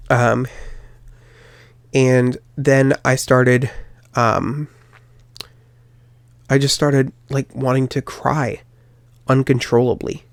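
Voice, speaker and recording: A man's voice: medium pitch, slow pace, gravelly, pauses often, no room sound, studio quality. A young man hosting a podcast, telling a personal story in a rambling way, with many fillers and restarts. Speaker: podcast host.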